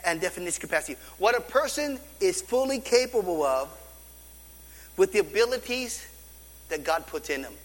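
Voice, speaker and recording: A pastor with a high-pitched voice preaches to his congregation in a large church sanctuary, speaking into a stage microphone on a stand. His delivery is animated, and he acts out the voices of people in his stories.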